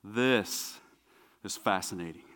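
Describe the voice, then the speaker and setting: A man preaching a sermon as pastor, with emphatic repetition that swings between hushed and loud passages. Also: low-pitched, slow pace. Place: church sanctuary. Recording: long hall reverb.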